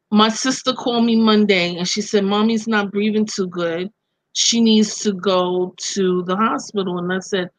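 A woman's voice: medium pitch, no echo. A woman with a Brooklyn accent, a guest on a video call, speaking in a heartfelt, reflective way. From Brooklyn, USA. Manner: slow, heartfelt, reflective talk. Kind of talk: casual chat.

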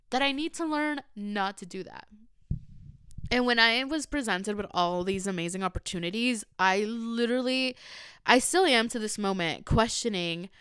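Chatty young woman, very clear dry voice. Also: medium pitch, a bit bright, no echo. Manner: chatty, lots of "like", switches into Spanish phrases; emotional and earnest. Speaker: podcast host. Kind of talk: casual solo podcast chat.

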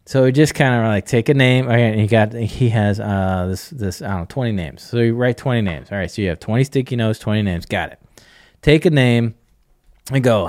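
A middle-aged man talking in a casual podcast conversation, coaching in an animated way, acting out bits of dialogue and chuckling often. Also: mid-range voice, fairly quick, dry recording, clean studio sound.

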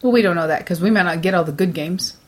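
A woman's voice: on the low side, fast talker. A woman co-hosting a casual podcast chat, teasing and pushing back on her partner. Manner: teasing, pushes back with short interjections. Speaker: podcast co-host.

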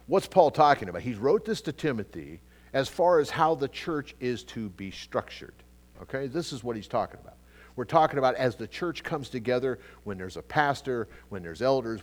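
A middle-aged man preaches in a relaxed, conversational sermon style, full of asides and repeated starts. His voice jumps from loud, emphatic peaks down to quiet, low remarks. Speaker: pastor. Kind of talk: sermon, Bible teaching.

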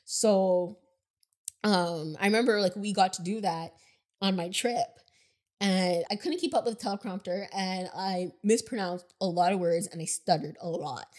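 A woman co-hosting a casual podcast, chatty and self-deprecating, often laughing, with a somewhat squeaky voice. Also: darkish tone. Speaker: podcast co-host.

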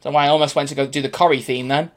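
A man's voice: on the high side, steady tone, rapid-fire. A man co-hosting a podcast in casual chat, talking in a rambling way and often laughing. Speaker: podcast co-host.

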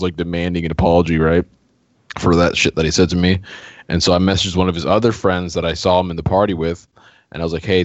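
A man's voice: sits low, no echo. A man co-hosting a podcast, chatting casually and chuckling his way through a story. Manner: laughs through his own story, relaxed and amused. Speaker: podcast co-host. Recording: dull lo-fi dry audio.

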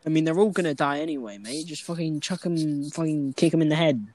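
A man's voice: fairly high pitch, fairly quick, a little mellow. A young man hosting a casual podcast chat with friends, crudely joking and mock-reading news headlines. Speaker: podcast host. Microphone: home computer microphone. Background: wind noise on mic.

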